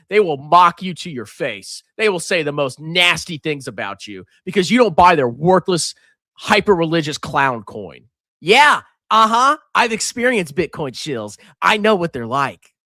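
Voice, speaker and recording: A man doing loud, sarcastic reaction commentary as a finance channel host, reading out and mocking viewer comments. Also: on the high side, no room sound, clean studio sound.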